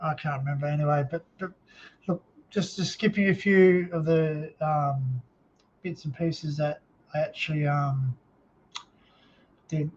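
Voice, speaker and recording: A man with an Australian accent telling an emotional personal story on a live stream, halting, with many fillers and restarts. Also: on the high side, steady tone, a little hiss or hum. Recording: dull lo-fi sound.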